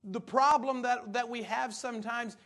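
A man with a notably high voice preaches to his congregation. He speaks in an easygoing, storytelling way, full of asides, then turns firm and emphatic when he drives home a point of doctrine. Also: fairly even intonation, moderate pace, a bit bright. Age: adult parent. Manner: folksy and conversational, turning emphatic on doctrine. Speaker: pastor. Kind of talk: sermon.

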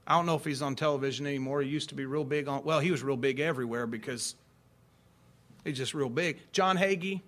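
A man's voice: medium pitch, quick pace, fairly bright tone. A man in his forties, a pastor, preaching a folksy, conversational sermon full of rhetorical questions. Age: 40s.

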